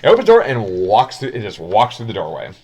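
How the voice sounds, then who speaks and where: A man's voice: fairly low pitch, huge pitch swings, fast, darkish tone, husky. A man narrating a tabletop game as game master, rambling with many fillers.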